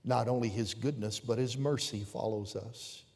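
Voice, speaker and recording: A man preaching a sermon as pastor, swinging between fervent, raised passages and quiet, hushed appeals to the congregation. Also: mid-range voice, steady tone, normal speed, gravelly. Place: church sanctuary with pews. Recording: long reverb of a church hall.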